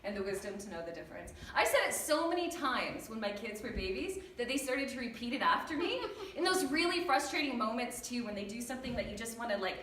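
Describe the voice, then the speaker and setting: A woman telling humorous personal stories to an audience, animated and acting out the voices of her family. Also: fairly high pitch, fast, hardly any pauses, slight background noise. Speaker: storyteller on stage. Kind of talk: humorous personal storytelling talk. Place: church hall with an audience. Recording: echoey hall, recorded from far off.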